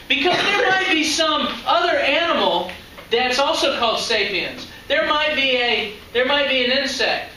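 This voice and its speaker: A man lectures a class in a chatty way, stopping often to ask the students questions. His voice sits high and sounds very bright. He is picked up from across a very echoey classroom, with faint room noise behind him. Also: distant mic. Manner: conversational, asks the class questions. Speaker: high school biology teacher.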